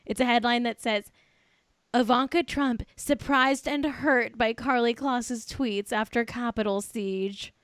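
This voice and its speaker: A woman's voice: fairly high pitch, steady tone, measured pace, fairly bright tone, clear, resonant tone, no echo, studio quality. A tipsy woman hosting a celebrity gossip podcast, talking in a giggly, profane, gleefully catty way. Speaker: podcast host. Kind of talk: casual celebrity gossip chat.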